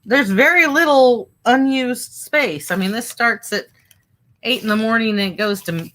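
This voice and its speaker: Streaming from home, this online reseller and host speaks at a measured pace, her voice a little high and fairly bright. She rambles casually to viewers, sprinkling in fillers and side comments.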